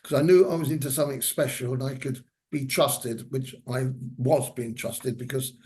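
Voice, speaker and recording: A man's voice: mid-range voice, moderate pace, a little mellow. An older man, a former hairdresser, telling rambling anecdotes with many fillers as a guest speaker in a lecture. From England. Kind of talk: lecture storytelling. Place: senior center lecture hall.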